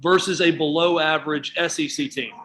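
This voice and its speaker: A man's voice: a little high, steady tone, a little fast, a bit bright. A man appearing as a guest on sports talk radio, reasoning through his picks aloud in a thoughtful way.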